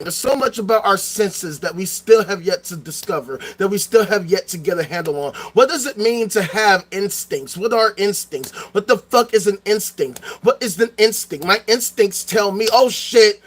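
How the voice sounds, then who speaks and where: A man hosting a solo talk show, musing in a profane, excitable rant that breaks into shouting. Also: high voice, moderate pace, few pauses. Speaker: podcast host.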